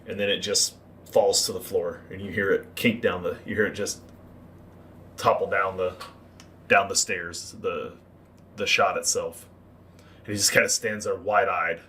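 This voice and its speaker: A man acting as game master, narrating a tabletop game and explaining rules with relaxed fillers. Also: low voice, unhurried, pauses often, a little hiss or hum.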